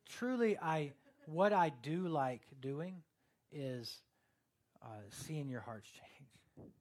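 A man preaching to his church in a somewhat high voice. He talks like he is chatting with the congregation, teasing them with jokes, then leans in with earnest emphasis. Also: animated, very slow. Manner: conversational, joking asides to the congregation. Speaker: pastor. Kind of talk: sermon.

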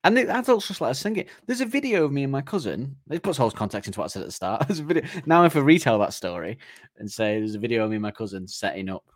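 A man's voice: mid-range voice, animated, very fast, dry recording, studio quality. A man co-hosting a podcast, chatting casually and jokily, acting out silly scenes and laughing often. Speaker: podcast co-host. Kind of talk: casual comedic chat.

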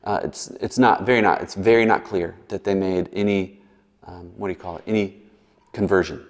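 Chatty preacher in a big reverberant hall. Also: male voice, sits low, steady tone, brisk. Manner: chatty, verbose, digressing with asides and jokes. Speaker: pastor. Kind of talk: sermon. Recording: long reverb in a large hall.

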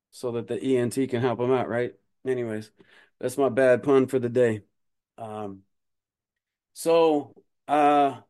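A man's voice: medium pitch, a little mellow, smooth. A man hosting a self-defense podcast, talking casually in a rambling way with lots of fillers and jokes. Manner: rambling, many fillers, joking. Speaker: podcast host, martial arts instructor.

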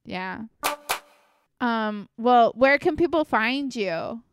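A woman's voice: a little high, takes it slowly, clean tone, dry recording, studio quality. A woman from Florida hosting a podcast, chatting casually and giggling often as she tells stories. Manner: giggly, animated storytelling. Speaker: podcast host. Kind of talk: casual chat.

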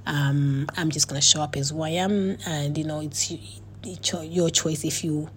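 Middle-aged woman, casual monologue to viewers, earnest, low voice, faint background noise. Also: fairly even intonation, moderate pace. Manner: earnest, many fillers and restarts. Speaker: coach and author.

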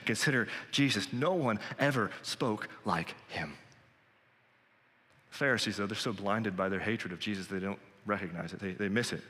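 Pastor guy preaching, earnest and chatty then punchy, bright tense voice, big echoey church hall. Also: on the low side. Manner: earnest and conversational, rising to emphatic peaks. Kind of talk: sermon. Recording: long hall reverb.

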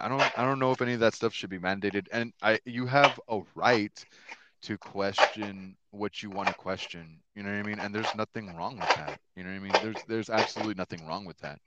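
A man's voice: lowish voice, fairly quick, lo-fi sound, very noisy. Rambling, swearing man in his thirties. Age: 30s. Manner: rambling, profane, full of fillers. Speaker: podcast host. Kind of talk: casual podcast chat.

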